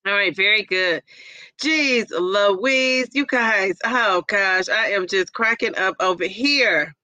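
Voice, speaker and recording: A woman's voice: medium pitch, slow, sharp tone, no room sound, rough recording. A woman hosting a casual livestream, reading viewer comments aloud and laughing often between them. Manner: laughs often, giggly exclamations. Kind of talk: casual live chat.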